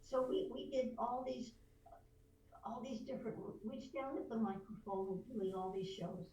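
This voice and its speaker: An older veteran voice actress, a podcast guest, telling lively anecdotes and slipping into voices. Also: female voice, a little high, measured pace. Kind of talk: storytelling in a podcast interview. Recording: roomy distant mic, faint noise.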